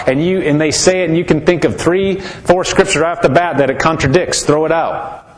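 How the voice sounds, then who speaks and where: A man's voice: fairly high pitch, a little fast. A man preaching to his congregation in a conversational, earnest way, often restarting his sentences. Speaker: pastor. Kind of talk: sermon.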